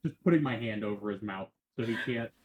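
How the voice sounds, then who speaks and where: Guy at the game table, mellow dark voice, offhand. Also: on the low side, expressive, fast, poor audio. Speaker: player. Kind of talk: casual game table chat.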